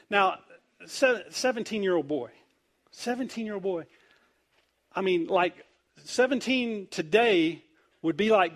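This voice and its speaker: A man preaching a sermon, telling a Bible story in an animated, joking way and acting out the characters. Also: high voice, slow, pauses often.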